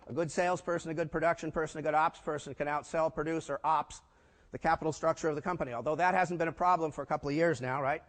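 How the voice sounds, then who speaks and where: A man's voice: a little high, steady tone, fast talker. Punchy older man speaking in a hall. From United States. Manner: punchy, asks the audience rhetorical questions. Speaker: keynote speaker. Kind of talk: business conference talk. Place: large conference hall. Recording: echoey hall.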